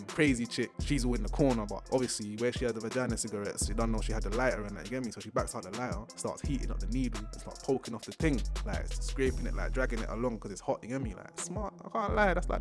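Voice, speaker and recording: Slangy young man recapping with music. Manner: animated, acts out characters with big pitch jumps. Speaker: recap host.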